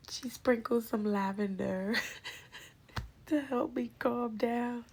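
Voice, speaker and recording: Slow, gravelly woman telling a story. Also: a little high. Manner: animated, slangy, drops into breathy whispers. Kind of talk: casual personal storytelling.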